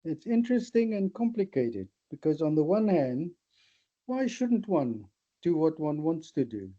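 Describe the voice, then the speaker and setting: An older man from South Africa, a therapist, talking things through in a thoughtful, animated way with many restarts. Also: on the high side, measured pace. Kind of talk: reflective discussion. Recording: slightly dull lo-fi audio.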